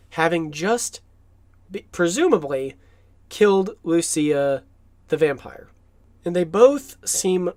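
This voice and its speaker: An enthusiastic film commentator chats over movie clips, with a voice that swoops up and down in pitch. The delivery is loose and talkative, broken up by frequent laughter. The recording is close and dry, with no room sound. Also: no room sound. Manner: enthusiastic, chatty, laughs often.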